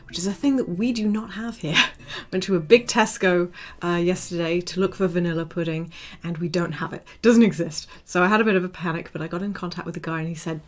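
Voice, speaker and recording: A woman with a low voice chats casually on a livestream, rambling with frequent ums and soft laughs while addressing chat members by name. Soft guitar music plays in the background.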